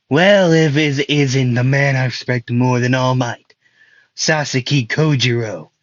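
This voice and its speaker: A man voicing a sneering, menacing adult male villain in a higher, strained voice with laughs. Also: slow pace, creaky, a bit bright, dry recording, lo-fi sound.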